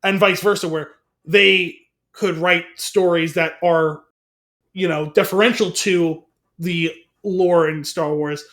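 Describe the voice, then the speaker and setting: A man's voice: high voice, steady tone, takes it slowly, fairly bright tone. A man co-hosting a film podcast in casual chat, rambling and hedging with frequent laughs. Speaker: podcast co-host.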